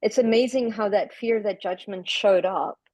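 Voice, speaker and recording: Brief: woman from the UK, podcast guest, warm-up chatty and reflective, mid-pitched, recorded dry and close. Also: normal speed, no echo, poor audio. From United Kingdom. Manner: animated, reflective, repeats words. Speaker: podcast guest, spiritual practitioner. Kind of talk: casual podcast conversation.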